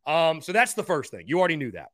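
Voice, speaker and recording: A man hosts a live call-in sports show in a bright, forceful voice that sits a little high. He speaks straight to his viewers, thanks supporters by name and repeats his points with energy. The sound is dry and close. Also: sing-song, fast, no room sound. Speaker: podcast host.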